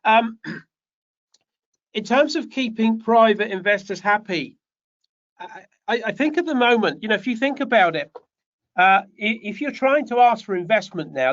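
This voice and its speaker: A man with a notably high voice coaches property developers, rambling and joking as he talks. The sound is dull and lo-fi, like a video call. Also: lively intonation, normal speed, a bit bright. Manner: chatty, rambling, joking asides. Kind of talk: online Q&A session. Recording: dull lo-fi online call audio.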